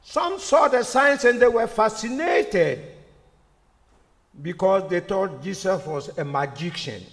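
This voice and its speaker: Preacher, male: high, very animated voice, delivering a slow, repetitive sermon with rhetorical questions, church reverb. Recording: long reverb of a church hall.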